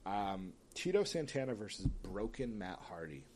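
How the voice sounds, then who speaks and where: A man chats on his own, picking winners of wrestling matchups with opinionated asides and the occasional sigh. His lowish voice is expressive and a little mellow, at normal speed, with slight background noise.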